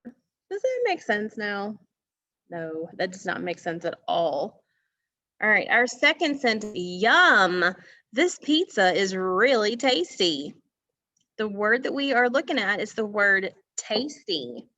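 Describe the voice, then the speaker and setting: A woman's voice: medium pitch, big pitch swings, takes it slowly, pushed and bright. A woman teacher giving an online phonics lesson from a school music room, patiently repeating words and asking questions.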